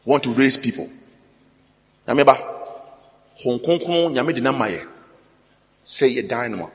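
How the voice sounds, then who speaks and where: A man with a Ghanaian accent preaching a sermon, mixing English with Twi and breaking into sudden loud bursts. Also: medium pitch, animated, measured pace, highs cut off. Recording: long hall reverb.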